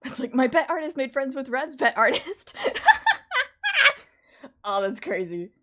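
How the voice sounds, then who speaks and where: A woman's voice: high-pitched, unhurried, noisy background. Chatty woman artist streaming. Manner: chatty and animated, often laughing. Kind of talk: casual chat while drawing on stream.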